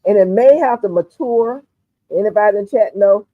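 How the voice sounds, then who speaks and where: A woman's voice: mid-range voice, normal speed, no room sound. Chatty Southern woman on a phone-thin line. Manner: relaxed, chatty, frequent "mm-hmm". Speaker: livestream host. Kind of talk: casual chat, reading the live chat aloud. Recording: dry, phone-like narrow sound.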